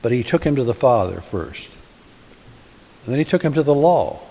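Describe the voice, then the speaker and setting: A man's voice: mid-range voice, big pitch swings, normal speed, warm tone. A man giving a sermon as a pastor, asking the congregation many rhetorical questions in a conversational way. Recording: hissy recording in a reverberant hall.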